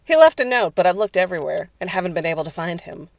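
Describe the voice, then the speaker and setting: Narrator doing a soft, eerie male ghost. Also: mid-range voice, very animated, quick pace, vocal fry, no echo. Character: ghostly calm man in white.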